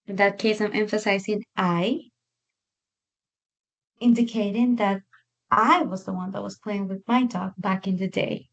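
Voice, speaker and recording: A woman's voice: mid-range voice, unhurried. A woman teaching English on a video call, patient and encouraging as she models which word to stress. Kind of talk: online English lesson. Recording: muffled lo-fi audio.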